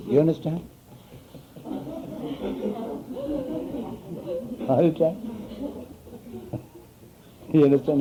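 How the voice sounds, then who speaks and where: Very slowly and with long pauses, a man whose fairly high voice swoops wildly in pitch shares stories with students as their spiritual teacher. He chuckles and often asks "you understand?" Slight background noise sits under the dull lo-fi sound.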